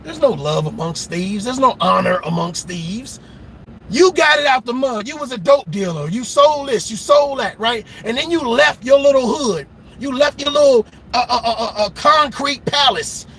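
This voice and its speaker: A man's voice: very high voice, animated, normal speed, vocal fry, a bit bright, slight background noise. A man hosting a reaction channel, delivering an impassioned, profane, preachy rant. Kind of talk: ranting commentary.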